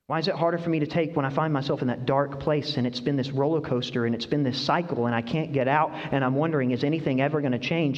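A middle-aged male pastor preaching a sermon, telling stories animatedly and sometimes acting them out with high cries. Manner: animated storytelling, acts out voices with high-pitched cries. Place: church hall. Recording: dull sound, long hall reverb.

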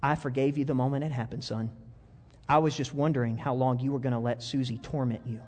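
A man voicing a gentle mother who speaks softly and forgivingly, in a long reverberant hall. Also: high-pitched, fast, lightly acted. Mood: tender. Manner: soft and tender.

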